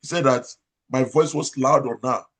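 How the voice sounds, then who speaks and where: An operating room nurse manager, a man with a Nigerian accent, shares advice in an interview, speaking loudly and with emphasis while repeating points and asking rhetorical questions. His voice is mid-range and his pace moderate.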